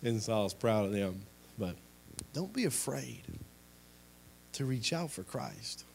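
A young adult man with a lowish, gravelly, darkish voice preaches in a sing-song way, a little slowly, with a little hiss or hum in the audio. Through his sermon and closing prayer he is impassioned, his volume rising and falling around repetitive exhortations.

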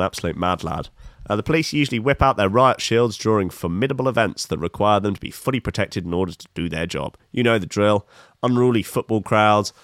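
A man's voice: fairly low pitch, no echo, clean studio sound. A man giving comic, profane reaction commentary on a video clip, sarcastic and rambling.

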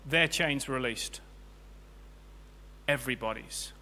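A man preaching a sermon as pastor, impassioned, swinging between loud peaks and quiet low stretches. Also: a little slow, a little hiss or hum. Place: church hall. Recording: long hall reverb with faint music.

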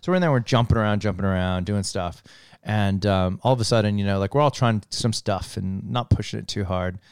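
A man's voice: on the low side, fairly quick, clean tone, no room sound, clean studio sound. Middle-aged man telling a wild story. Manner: animated storyteller, swears freely, laughs while telling. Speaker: podcast co-host telling a story. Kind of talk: casual chat.

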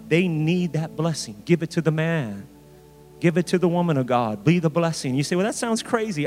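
A man preaching a sermon as pastor, with emphatic rises and slow dramatic phrases. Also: on the high side. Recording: reverberant hall with faint music.

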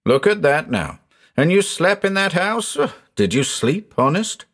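A man voicing an excitable rustic farmer who talks in folksy backcountry speech with an excited quaver. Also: mid-range voice, measured pace. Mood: astonished.

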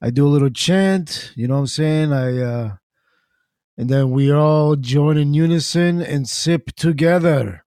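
A man hosting an internet radio talk show, chatting in a relaxed, conversational way. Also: fairly high pitch, unhurried, clear, resonant tone, no room sound, clean studio sound. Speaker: podcast host. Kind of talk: casual talk show chat.

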